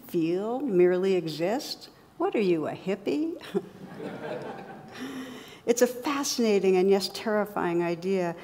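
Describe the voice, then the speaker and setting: A woman's voice: mid-range voice, gravelly, a little mellow, long reverb tail. A woman meditation teacher giving a dharma talk, wry and playful, with teasing asides to her listeners.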